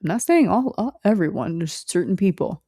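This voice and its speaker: Young woman rambling vlog story, mellow low-key voice, dry close sound, says like a lot and swears some. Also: expressive, a little fast, slightly rough, no echo. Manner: chatty, many fillers and restarts, swears freely. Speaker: vlogger. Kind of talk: casual storytelling monologue.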